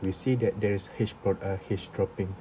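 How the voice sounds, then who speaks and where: Low-voiced student presenting. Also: male voice, flat delivery, brisk, warm tone, slight background noise, poor audio. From Malaysia. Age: young adult. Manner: hesitant, many fillers. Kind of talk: class presentation.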